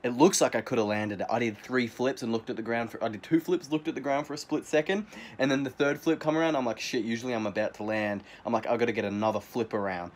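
A young man vlogging casually to camera, excitable and swearing constantly as he rambles through a retelling, still buzzing on adrenaline. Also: medium pitch, fast. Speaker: vlogger, scooter rider.

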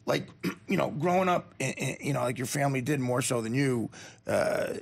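A man's voice: medium pitch, normal speed, creaky. A man hosting a talk show, asking questions in casual chat and laughing often.

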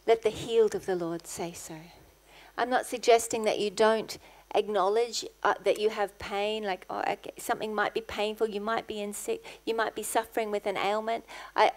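Woman, middle-aged, guest pastor, church sermon, impassioned, loud peaks. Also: mid-range voice. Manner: passionate preaching, rising to loud exclamations.

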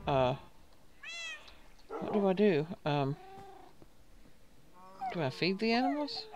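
A woman's voice: mid-range voice, very animated, slow pace, noisy background. A woman casually talking through her gameplay, thinking aloud and reading out game text. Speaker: gaming video host.

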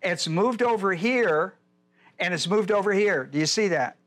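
An older male pastor leads a Bible study with a voice sitting a touch high for a man. He teaches in a folksy, rambling way, stopping to repeat himself as he works through a point. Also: animated, moderate pace, a bit bright. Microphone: whiteboard lecture in a church.

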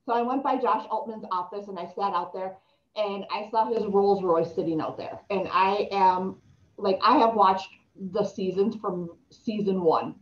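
A woman's voice: medium pitch, measured pace. Chatty woman in an echoey room. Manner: chatty, storytelling, many ums. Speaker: real estate trainer. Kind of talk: casual talk to a group. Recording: echoey room, dull lo-fi sound.

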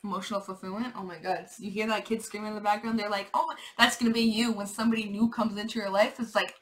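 A woman's voice: mid-range voice, steady tone, fast talker, fairly bright tone, low-quality recording. A young woman giving a casual, rambling tarot reading, repeating herself, swearing and laughing. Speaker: tarot reader.

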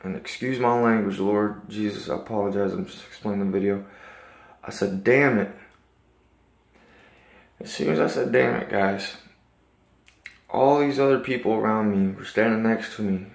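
A man with a fairly low voice recounts a dream in an earnest, rambling way, circling back with likes and restarts. The sound is roomy, with echo off the walls. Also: normal speed, creaky, a little mellow. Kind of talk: casual personal storytelling.

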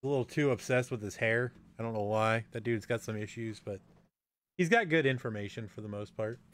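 A man's voice: lowish voice, fairly quick, a bit bright. A man co-hosting a casual live chat, laid-back and wry.

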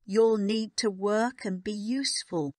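A woman's voice: medium pitch, unhurried, darkish tone, no room sound, studio quality, pitched above the performer's own voice, natural voice. A woman voicing a stern, cold headmistress in an audiobook, speaking in a commanding, scolding tone. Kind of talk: audiobook character reading.

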